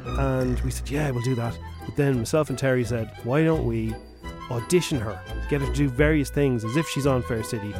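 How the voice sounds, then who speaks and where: An Irish man on a radio show, chatting fast and playing a fussy casting agent in a prank call. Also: mid-range voice, over music.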